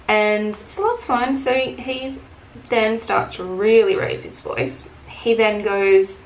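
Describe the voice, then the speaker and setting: A woman's voice: mid-range voice, moderate pace, slight background noise. Blunt, swearing woman in an echoey room. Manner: blunt, swears freely, animated when quoting herself. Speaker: beauty vlogger. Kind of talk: casual storytelling while doing makeup.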